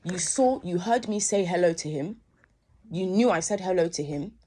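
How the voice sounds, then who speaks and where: A woman's voice: fairly low pitch, normal speed, warm tone. A young woman, hosting a podcast and telling a story in a casual, emphatic way, repeating herself for emphasis. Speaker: podcast host.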